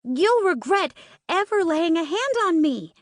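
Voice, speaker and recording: A woman's voice: sing-song, unhurried, no echo, studio quality, heavily acted. A woman voicing a shrieking young thief. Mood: furious. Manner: shrill angry shrieking.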